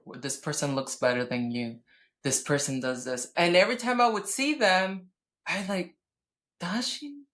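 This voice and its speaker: A woman in her thirties co-hosting a podcast, telling a personal story in casual chat, blunt and profane, with animated outbursts. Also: extremely low pitch. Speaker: podcast co-host.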